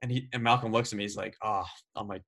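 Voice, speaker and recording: A young adult man casually telling a story as a guest golfer, animated, laughing as he talks and saying "like" often. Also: on the low side, fast talker. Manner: animated, laughs while telling, many fillers of "like".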